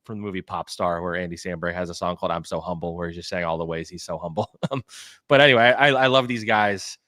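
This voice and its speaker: A man's voice: low voice, fast talker, pushed and bright, no echo, clean studio sound. A man co-hosting a sports podcast, a reporter talking casually and rambling with lots of "like" and restarts. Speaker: beat reporter and podcast co-host.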